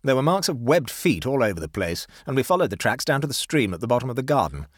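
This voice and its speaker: Man voicing an indignant country gentleman, fuming, agitated, husky tone, dry sound. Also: medium pitch, very animated, fast, no room sound.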